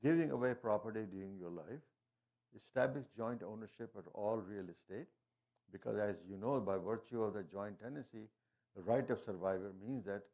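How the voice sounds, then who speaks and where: A man's voice: lowish voice, gravelly, a little mellow. A man giving a presentation on wills and estate planning, talking through his slides with frequent restarts and fillers. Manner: halting, frequent restarts and fillers, non-native phrasing. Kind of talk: informal presentation talk.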